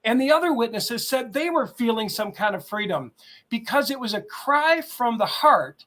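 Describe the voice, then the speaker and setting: A man's voice: extremely high pitch, sing-song, moderate pace, fairly bright tone. A man speaking as a guest on a call-in talk show, telling a personal story in an earnest, heartfelt way and repeating words as he searches for them. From United States.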